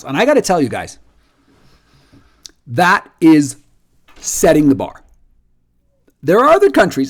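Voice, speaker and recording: A man leading a nonprofit, giving a casual video update as an animated storyteller who acts out quoted dialogue and repeats words when he gets excited. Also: fairly high pitch. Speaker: nonprofit leader.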